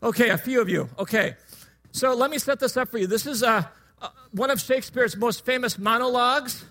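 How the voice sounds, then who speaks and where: A man's voice: extremely high pitch, a little fast, bright, forceful tone. A man preaching a conversational sermon, joking with and questioning his congregation.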